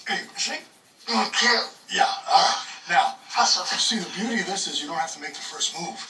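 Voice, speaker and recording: A man's voice: high-pitched, moderate pace, close to an everyday voice. An actor playing a blustery, self-assured older father in a sitcom, heard through a TV playing in an echoey room. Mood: bossy. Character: gruff older father, a cocky sore loser. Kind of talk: sitcom acting. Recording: TV audio in an echoey room, distant and slightly noisy.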